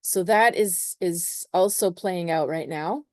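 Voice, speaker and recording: A woman astrologer talks through her ideas in a relaxed, hedging manner, full of little fillers. Her voice is mellow and a bit low. The sound is dry and close. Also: slow, no room sound. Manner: hedging, uses many "sort of" and "you know". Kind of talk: casual spoken explanation.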